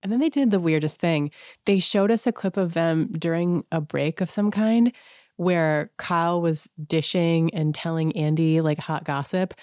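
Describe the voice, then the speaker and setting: A woman with a low, deep voice chats through a casual recap as a podcast host, full of sarcasm and quick mimicry of the people she quotes. Her voice sounds close and dry, with no room around it. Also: a little mellow, no room sound.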